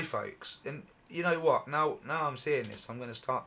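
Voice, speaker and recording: A middle-aged man hosting a UFO channel, giving excited, repetitive commentary over video footage, his voice going hoarse. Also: mid-range voice, moderate pace, slight background noise. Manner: excitable, repetitive, exclaims often.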